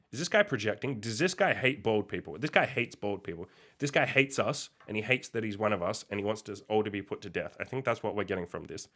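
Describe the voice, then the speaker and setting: A man's voice: fairly low pitch, fairly bright tone. Exasperated, sweary young man ranting. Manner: exasperated, sweary, incredulous outbursts. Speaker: podcast host reacting to a post. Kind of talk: casual monologue.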